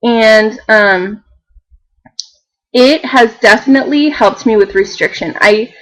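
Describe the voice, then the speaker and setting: A young woman vlogging in a chatty, animated way, full of fillers and laughter. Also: on the high side, slow pace, low-quality recording. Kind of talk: casual chat to camera.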